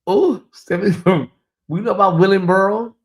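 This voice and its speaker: A man's voice: sits high, normal speed. A man hosting a casual late-night livestream in a chatty, drawling way, reading viewer comments aloud and talking to the audience as "y'all". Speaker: livestream host.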